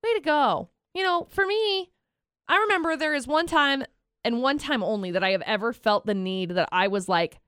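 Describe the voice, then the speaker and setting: A young woman co-hosting a radio show, telling stories in an expressive, chatty way. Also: high-pitched, normal speed, clean tone, dry recording, clean studio sound. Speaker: radio co-host. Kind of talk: casual radio banter.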